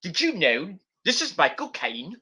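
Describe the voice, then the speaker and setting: A man's voice: high voice, huge pitch swings, unhurried, bright, forceful tone, breathy edge, exaggerated voice. A man putting on a spoof impression of an older actor, reading an insurance-ad line. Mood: mocking. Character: mock impression of an older English film actor.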